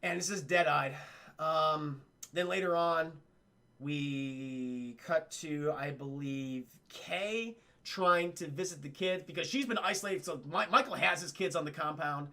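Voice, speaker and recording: A man's voice: on the high side, measured pace, bright, forceful tone. A man streaming a casual film review, chatty and profane, retelling scenes and talking to his chat.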